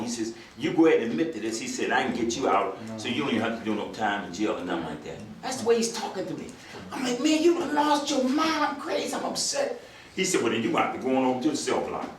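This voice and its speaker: A man's voice: mid-range voice, distant mic, background noise. An older man and retired marshal telling a story to an audience, acting out the other voices and laughing along. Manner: animated storyteller, acts out voices, laughs with the crowd. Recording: echoey hall, recorded from afar.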